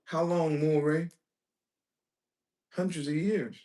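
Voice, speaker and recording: A male preacher giving a lecture-style sermon, emphatic, asking rhetorical questions and breaking into bursts of shouting. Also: on the high side, fairly even intonation, slow pace. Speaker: preacher and teacher.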